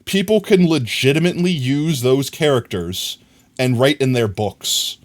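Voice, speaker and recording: A man's voice: mid-range voice, measured pace. An American man livestreaming a game from home, rambling casually and talking to his chat. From United States. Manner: rambling, chatty, talks to chat and reads it aloud. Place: home room with his dog.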